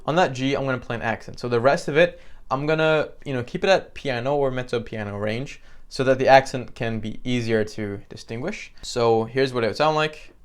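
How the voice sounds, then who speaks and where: A man teaching piano in a relaxed, conversational way with frequent fillers, counting beats aloud. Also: mid-range voice, fairly quick, clear, resonant tone. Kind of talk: instructional tutorial. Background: piano playing between phrases.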